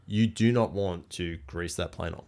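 A middle-aged man, a former airline pilot, chatting as a podcast guest and explaining things in a calm, measured way. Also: sits low. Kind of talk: casual podcast chat.

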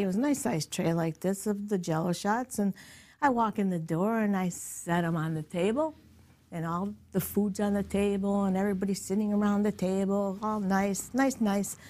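A woman guest telling a story in a casual studio chat, animated and swearing freely, acting out the other people's voices. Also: medium pitch.

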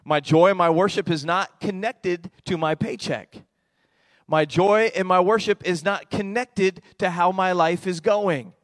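Speaking in a high-pitched voice at a measured pace, a middle-aged pastor gives a lively sermon with no echo. He moves back and forth between quiet, intimate moments and loud, excited ones.

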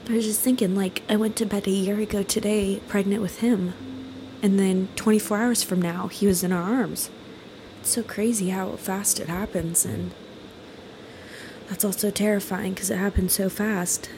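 A woman's voice: medium pitch, fairly even intonation, moderate pace, background noise. A young woman co-hosting a casual podcast, tearful, reflective and hesitant with many fillers. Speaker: podcast co-host.

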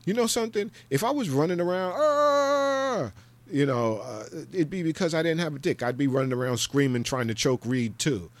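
A man hosting a solo podcast delivers a rambling, jokey, profane rant of pop-culture commentary, breaking into loud, high-pitched impressions. He is animated and brisk with few pauses, and there is no echo.

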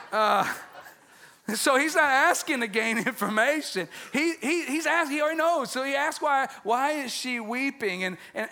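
Male pastor, high and bright-toned, conversational sermon, stumbles and repeats words. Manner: conversational and joking, with frequent restarts and repeated words.

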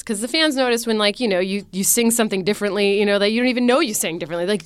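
A woman's voice: mid-range voice, racing, clean tone, no room sound. A young woman, a stage actress, telling a story in a casual interview, acting out her own panic in quoted lines.

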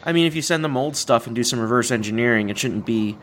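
A man's voice: medium pitch, fast talker, a bit bright, slight background noise. A young man, hosting a casual podcast and rambling through stories with frequent restarts and laughs. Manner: rambling, self-correcting, laughs often. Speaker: podcast host. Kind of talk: casual chat.

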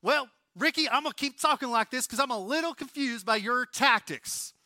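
A dim, befuddled Southern sidekick with a high, loud, stretched-out drawl, as a preacher puts him on. His Southern US accent is thick and comic. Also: animated, moderate pace, dry recording, studio quality, full character voice. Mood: confused drawl. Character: Southern racing driver's sidekick, man, dim and confused.

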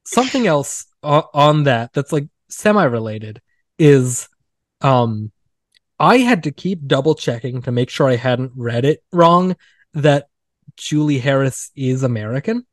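A man's voice: mid-range voice, animated, measured pace, no echo, studio quality. A man hosting a casual film podcast, chatty and wry, full of "like"s and mocking quoted line readings. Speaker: podcast host.

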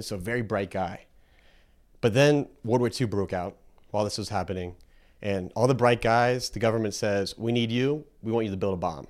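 A man telling a story in a casual, animated way, sometimes acting out the people in it. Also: fairly low pitch. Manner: animated, acts out characters with a put-on accent. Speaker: speaker telling a story about a scientist.

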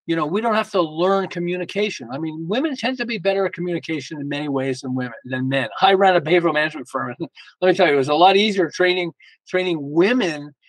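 A man's voice: fairly high pitch, quick pace, no echo, rough recording. An older man, a podcast guest, telling casual family stories and acting out bits of dialogue with a chuckle. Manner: animated, acts out family dialogue, chuckles often. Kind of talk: casual interview storytelling.

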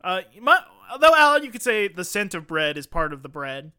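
A man's voice: high voice, big pitch swings, normal speed, sharp tone, clean tone. A man hosting a casual comedy podcast, rambling through absurd bits and laughing often. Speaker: podcast host.

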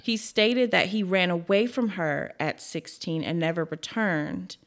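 A woman's voice: fairly low pitch, a little slow. A woman hosting a casual true crime podcast, telling the case bluntly with frank, profane asides.

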